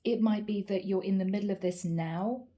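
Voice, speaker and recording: A woman's voice: mid-range voice, normal speed, dark tone. A woman giving a channeled tarot reading to her viewers, earnest and encouraging, often repeating her key phrases. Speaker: tarot reader.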